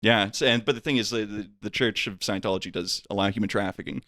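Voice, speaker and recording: A man casually telling a long story on a podcast, acting out the people in it with big jumps in pitch. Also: fast, no echo, studio quality. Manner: animated, acts out voices with big pitch jumps. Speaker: podcast guest.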